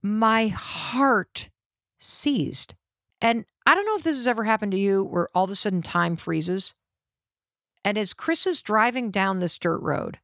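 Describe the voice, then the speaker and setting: Animated middle-aged woman telling a story. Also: medium pitch, no echo, clean studio sound. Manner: acts out quoted voices of family and ranger. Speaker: podcast host.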